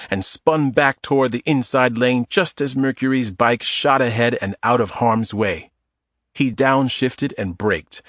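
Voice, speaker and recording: A man narrating an audiobook thriller in a steady, measured way. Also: medium pitch, no echo, clean studio sound. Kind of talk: scripted narration.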